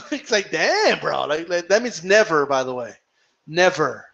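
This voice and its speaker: A man's voice: fairly high pitch, very animated, measured pace, vocal fry, a bit bright. A young man chatting casually on a live boxing stream, laughing a lot, swearing freely, and slipping into Spanish when he quotes fighters. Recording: dull lo-fi stream audio.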